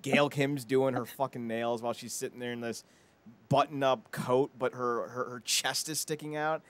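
A man co-hosting a podcast in casual chat, animated and prone to acting out quotes loudly. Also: medium pitch, normal speed. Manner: animated, acts out quotes with loud outbursts. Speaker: podcast co-host.

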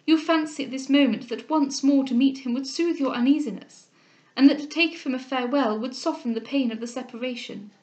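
Woman reading as a stern, earnest gentlewoman. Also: high-pitched, a little fast, lightly acted. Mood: insistent. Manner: earnest, insistent, formal. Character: stern persuasive older gentlewoman, a mother.

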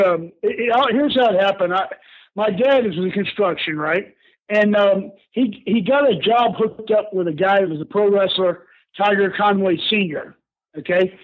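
An older man, a guest telling stories casually over the phone, acting out the people he quotes and laughing often. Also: sits high. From Houston, Texas. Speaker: guest, former pro wrestler. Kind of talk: casual storytelling. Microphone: phone call. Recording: tinny phone line.

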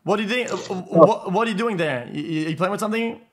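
A streamer man with a somewhat high voice chats with strangers online. He keeps stuttering and restarting his sentences, and he swears freely. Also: fairly quick. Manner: stammering, repeats words, swears. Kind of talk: casual chat with strangers.

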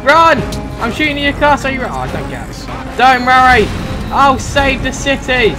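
Excitable male let's-play commentator, lively pitch swings, music bed behind. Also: moderate pace. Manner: excitable, jokey, bursts into shouts. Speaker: gaming commentator. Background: game music.

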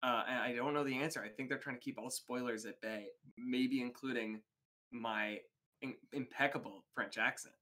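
A man's voice: medium pitch, steady tone, moderate pace, bright, forceful tone. A man, an actor, chatting eagerly as a stream guest. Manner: eager, self-promoting. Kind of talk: casual chat.

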